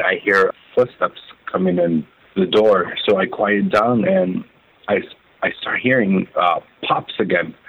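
A man telling his own story as an interview guest, halting and repeating words as he recounts it. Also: low voice, a little hiss or hum. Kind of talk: emotional first-person testimony. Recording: phone-like narrow band.

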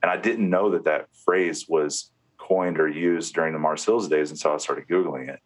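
A man's voice: extremely low pitch, normal speed. A man, a former head of security, being interviewed and recounting meetings at length, with fillers and restarts. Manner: retells conversations in quoted speech, with restarts and fillers. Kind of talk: telling a story in an interview.

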